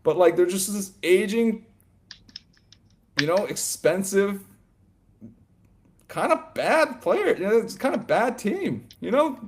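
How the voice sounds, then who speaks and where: A man co-hosting a sports podcast, talking in a loose, animated ramble full of "like" and "you know" and quick laughs. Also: high-pitched. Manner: laughs often mid-sentence. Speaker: podcast co-host. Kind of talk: casual sports chat.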